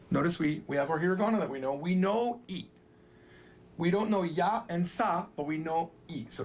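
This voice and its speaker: A man's voice: fairly high pitch, slight background noise. Patient man teaching a language lesson. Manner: patient, explanatory, slowly repeats example phrases.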